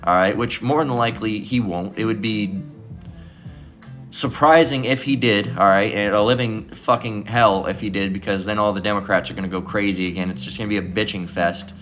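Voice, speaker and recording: Man, fairly low voice, rambling profane bible commentary, casual sermon, faint music underneath. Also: fairly quick, a bit bright. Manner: profane, digressive, constant "all right?" tags. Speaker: self-styled bible teacher.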